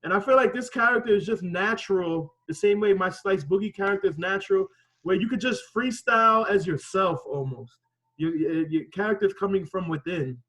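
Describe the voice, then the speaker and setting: High-voiced man giving loose feedback. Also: a little fast, a bit bright, rough recording. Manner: loose, rambling, profane. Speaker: wrestling student. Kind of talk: casual critique.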